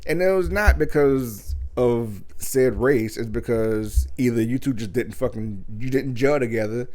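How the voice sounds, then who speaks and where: A man's voice: medium pitch, a little mellow. A man hosting his own show, giving a blunt, crude and sarcastic comedic rant. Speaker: podcast host.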